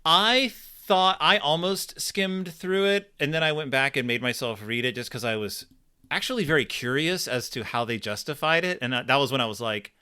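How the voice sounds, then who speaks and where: A man's voice: medium pitch, normal speed, sharp tone, clean tone. A man co-hosting a casual book discussion podcast, thinking aloud with plenty of fillers and restarts. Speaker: podcast co-host.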